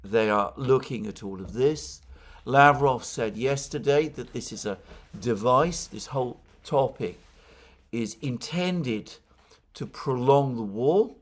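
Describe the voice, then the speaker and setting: A man giving solo political commentary in a measured, explanatory way. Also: mid-range voice.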